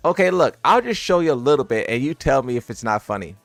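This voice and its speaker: Lively, animated male streamer voice. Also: mid-range voice, fast talker, gravelly, few pauses, no echo, faint music behind. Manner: incredulous, teasing, laughs at what he reads. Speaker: gaming content creator. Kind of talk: casual commentary to viewers.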